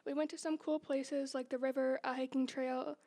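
A woman's voice: high voice, flat delivery, moderate pace, darkish tone. A teenage girl earnestly reading a prepared testimony to her church. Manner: reads prepared remarks, earnest. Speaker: youth group member.

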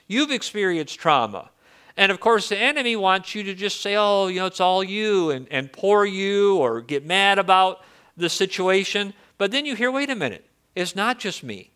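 Bright-voiced male pastor preaching. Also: high-pitched, clean tone. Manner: conversational, repeats words when restarting. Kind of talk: sermon.

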